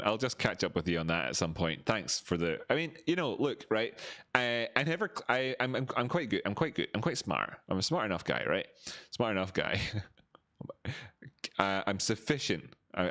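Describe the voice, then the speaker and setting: Man, fairly low voice, chatty, self-mocking streamer reading chat, talking into a desk mic. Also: fairly bright tone. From Scotland. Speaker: crypto livestream host. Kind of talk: rambling casual livestream chat.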